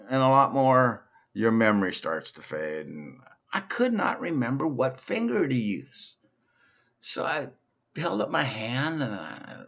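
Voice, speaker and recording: Gravelly comic playing a simpleton. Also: male voice, mid-range voice, fairly bright tone. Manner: slow, simple-minded persona telling silly stories. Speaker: comedian. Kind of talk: stand-up comedy monologue. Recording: dull lo-fi recording.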